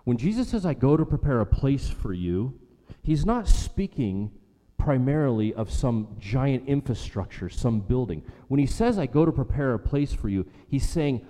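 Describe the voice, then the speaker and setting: Man, preacher, sermon, mellow tone, long hall reverb. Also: mid-range voice, big pitch swings. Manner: slow, asks the audience questions and answers them.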